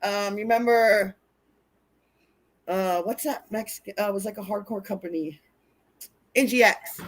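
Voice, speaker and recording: A woman telling wild road stories in casual chat, animated and profane, acting out what people said. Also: mid-range voice, moderate pace. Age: older. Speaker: wrestling interview guest. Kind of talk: casual storytelling.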